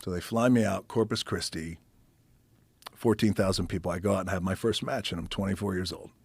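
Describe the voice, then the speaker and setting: A deep, gravelly man spins a story in casual conversation, cursing freely and acting out other people's lines. His voice sounds husky and is recorded close, with no room sound. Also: fairly quick, no echo. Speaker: podcast guest.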